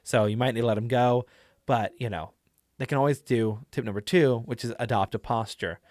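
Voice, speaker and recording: A man's voice: medium pitch, a little fast, darkish tone, no room sound, studio quality. A man giving a casual tutorial on tabletop role-play voices, chatty and rambling with many fillers. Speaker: tabletop game teacher.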